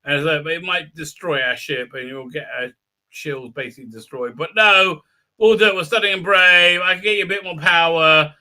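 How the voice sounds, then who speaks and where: At a moderate pace and in a slightly high, bright, pushed voice, a YouTuber reviews a TV episode. He's offhand, crude and sarcastic, filling gaps with lots of "uh"s and throwing in mocking remarks.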